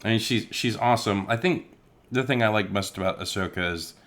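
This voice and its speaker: A man's voice: on the low side, a little fast, fairly bright tone. A man co-hosting a podcast in casual chat, telling stories in a laid-back way with casual swearing. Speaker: podcast co-host.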